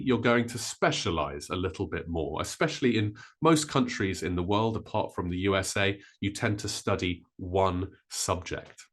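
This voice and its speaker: A man teaching a vocabulary lesson, modelling each word slowly and carefully. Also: on the low side, fairly bright tone. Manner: slow, careful, with drawn-out model words. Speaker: English teacher.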